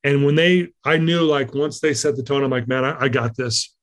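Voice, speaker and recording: A man's voice: medium pitch, moderate pace. A middle-aged man telling a story as a podcast guest, acting out his own quotes with animation. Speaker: guest speaker.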